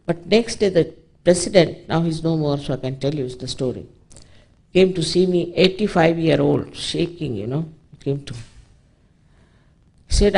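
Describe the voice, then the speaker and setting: A woman's voice: low voice, animated, measured pace, vocal fry, long pauses, a little mellow, husky. A woman from India with an Indian English accent, giving a public spiritual talk in an emphatic, storytelling way with frequent asides. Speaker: spiritual teacher.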